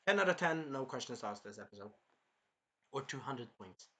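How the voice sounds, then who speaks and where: A man giving a casual anime review in an excitable, rambling way, swearing often. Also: medium pitch, moderate pace.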